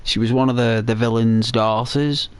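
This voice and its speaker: A man's voice: mid-range voice, steady tone, normal speed, clear, resonant tone. A man casually chatting while playing a game, rambling and hesitant, full of fillers and restarts. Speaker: gaming channel host.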